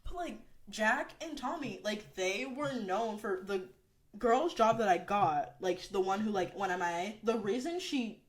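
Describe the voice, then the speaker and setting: A woman's voice: medium pitch, measured pace. Young woman podcast host, chatty, rambly, acts out what people said, lots of likes. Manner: animated storytelling with frequent fillers and quoted asides. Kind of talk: casual chat.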